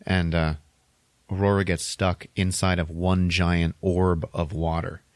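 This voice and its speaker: A man hosting a podcast, casually retelling a movie plot in an animated, rambling way with sound effects. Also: sits low, measured pace, no echo. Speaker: podcast host.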